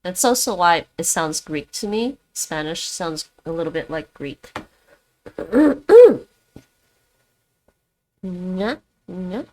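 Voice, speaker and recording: Unhurried chatty woman streamer. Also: lowish voice, big pitch swings, dark tone. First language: Dutch. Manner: chatty, talks to her chat by name, reads aloud. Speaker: streamer learning languages. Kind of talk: casual livestream chat.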